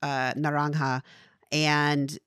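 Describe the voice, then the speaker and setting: Deep-voiced analytical woman podcaster. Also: takes it slowly, clear, resonant tone, dry recording, studio quality. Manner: analytical, animated when quoting. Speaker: podcast co-host. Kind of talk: casual book chat.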